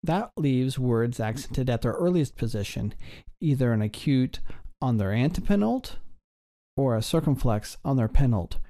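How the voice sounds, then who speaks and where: A man with a mellow, darker voice at an ordinary middle pitch, teaching a recorded grammar lesson. He explains patiently and slows right down whenever he sounds out a form. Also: expressive. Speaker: Greek teacher.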